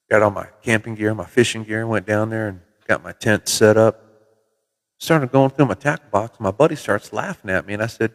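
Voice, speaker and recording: A middle-aged man from Minnesota hosts a casual livestream from his CB radio shop, spinning relaxed, folksy stories with the odd swear word. His voice sits a little low. The room gives it a long, hall-like reverb. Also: brisk. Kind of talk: casual livestream chat with viewers. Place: CB radio shop in New Mexico.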